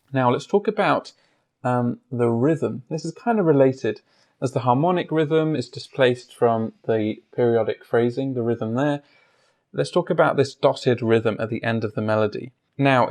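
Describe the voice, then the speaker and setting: A man teaching piano, explaining pedaling, fingering and rhythm in a measured way with pauses and fillers, his words broken up by demonstrations at the piano. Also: mid-range voice, darkish tone. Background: piano playing.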